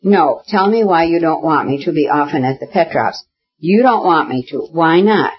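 A reader voicing Kitty, a proud young woman who speaks in impassioned, insistent bursts, with a husky voice. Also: mid-range voice, animated, moderate pace, dull audio. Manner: impassioned, insistent, repeating herself. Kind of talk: audiobook character reading.

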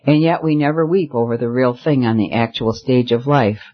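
A gentle, soft-spoken young woman with a strong conscience, as a man reads her lines, quiet but persistent in how she speaks. Her pitch sits in an ordinary middle range. The recording has a slightly dull, muffled tone. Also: moderate pace, close to an everyday voice. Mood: earnest.

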